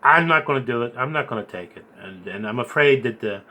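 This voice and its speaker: A man earnestly recounting a dream and preaching in a rambling, halting way, repeating his words. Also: mid-range voice, expressive, sharp tone. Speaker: video blogger recounting a dream. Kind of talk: earnest spoken storytelling and preaching.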